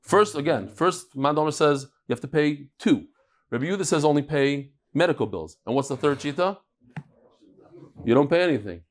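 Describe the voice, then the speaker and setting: A man leads a daily Talmud class. His voice sits a little high, and he moves quickly between explaining a case and telling a folksy joke, sprinkling in Yiddish words. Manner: lively storytelling with jokes and Yiddish words. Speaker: Talmud teacher.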